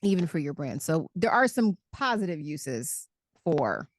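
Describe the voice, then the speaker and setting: A woman's voice: low voice, sing-song, measured pace. A woman co-host asking casual questions in a studio interview, with plenty of fillers.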